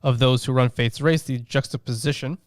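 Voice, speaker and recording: A man co-hosting a casual chat, explaining a text and often pausing with filler sounds. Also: medium pitch, fairly even intonation, no echo, clean studio sound. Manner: hesitant, many filler sounds while explaining. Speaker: co-host.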